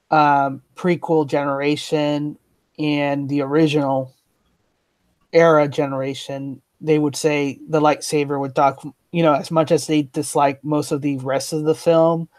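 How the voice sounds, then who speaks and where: A man's voice: a little high, a little mellow, no room sound. A talkative man in a casual chat who argues his points at length. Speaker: co-host.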